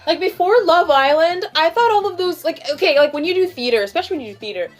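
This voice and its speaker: Giggly and rambling, a young female channel host leans heavily on "like" during a casual stoned mukbang chat. She talks quickly in a very high voice with lively intonation, and soft music plays in the background.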